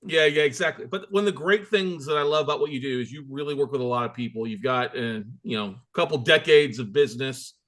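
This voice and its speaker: A man hosting a show, energetic and enthusiastic as he introduces and interviews a guest. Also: mid-range voice, quick pace, few pauses. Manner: hyped, enthusiastic, emphatic. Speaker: podcast host.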